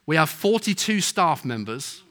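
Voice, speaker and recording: A man's voice: a little high, sing-song, measured pace, a bit bright. A middle-aged man preaching a sermon, telling stories and acting out the people in them. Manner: storytelling, acts out quoted voices.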